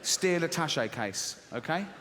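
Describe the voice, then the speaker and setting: A man's voice: fairly high pitch, animated, a little slow, a bit bright, a little hiss or hum. A middle-aged man from England telling a stand-up story, acting out voices in his head and laughing at his own jokes. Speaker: stand-up comedian. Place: large stand-up venue. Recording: reverberant stage recording.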